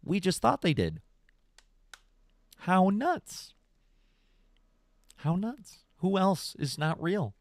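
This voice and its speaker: A young man hosting a podcast stream, telling stories in a rambling, animated casual chat and calling people "bro". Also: sits high, extremely slow, long pauses, no room sound. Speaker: podcast host.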